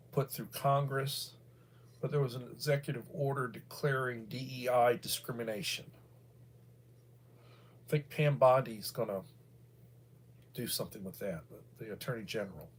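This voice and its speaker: A middle-aged American man hosting a livestream, talking in a meandering, casual way with many fillers and restarts. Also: mid-range voice. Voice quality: bald. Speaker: livestream host. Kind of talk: casual rambling commentary.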